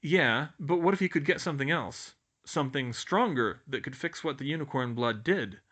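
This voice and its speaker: A man's voice: a little high, lively intonation, normal speed, fairly bright tone. A man voicing a thoughtful, worried eleven-year-old boy who speaks earnestly and steadily.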